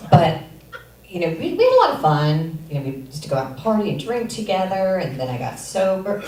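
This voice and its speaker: A middle-aged woman doing a stand-up comedy set in a theater, with a deadpan delivery and filler pauses, as the audience laughs. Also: low voice. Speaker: stand-up comic. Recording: roomy echo, far from mic.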